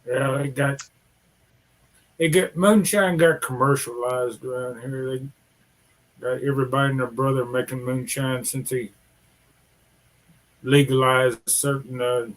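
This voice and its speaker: An American man in casual voice-call chat, talking in a halting, agreeable way. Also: medium pitch, steady tone, low-quality recording.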